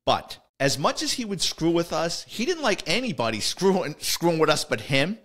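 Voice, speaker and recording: A man's voice: on the high side, very animated, moderate pace, a bit bright. A middle-aged man, a retired police officer, telling stories in a casual, conversational way, full of "he goes" and "I says". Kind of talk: casual storytelling podcast.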